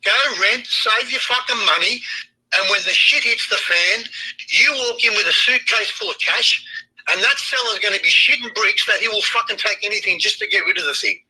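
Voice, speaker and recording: A heated Australian man rants with constant swearing and hard emphasis. His voice sits high for a man and comes out sharp and tense, with a husky edge. The sound is tinny and thin, like a phone line. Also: moderate pace. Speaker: trading chat host. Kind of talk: blunt rant to an online audience.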